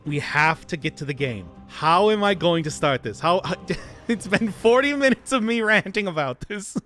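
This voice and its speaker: A male streamer chatting loosely with his viewers while he plays, drifting off-topic and laughing often. His voice sits fairly high for a man and jumps around a lot in pitch, full of lively swoops. A faint bit of music plays underneath. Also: moderate pace. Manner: rambling, giggly, talks to chat. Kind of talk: casual gaming livestream chat.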